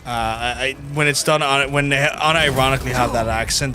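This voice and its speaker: Game music plays as this young man streams and narrates his gameplay fairly quickly, his mid-range voice holding a steady tone. Between fights he rants, blunt and profane.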